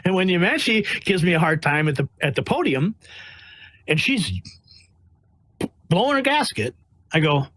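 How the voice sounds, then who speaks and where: A man's voice: high voice, animated, normal speed, long pauses, a bit bright, no room sound, poor audio. A man speaking as a White House press correspondent, telling his stories bluntly and emphatically, acting out the voices of the people in them. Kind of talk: animated interview storytelling.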